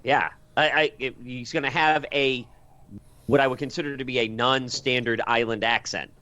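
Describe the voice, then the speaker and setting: A man co-hosting a podcast in casual chat, telling a story in a wry, animated way. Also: medium pitch, moderate pace, no room sound. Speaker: podcast co-host.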